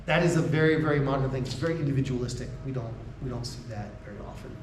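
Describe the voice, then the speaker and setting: A man's voice: medium pitch, quick pace, few pauses, a little mellow, slight background noise. An American man giving a university lecture to faculty in a conversational way, often checking in with "right?" and restarting his sentences. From United States. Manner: laughs between points. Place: lecture room. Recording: echoey room, voice from a distance.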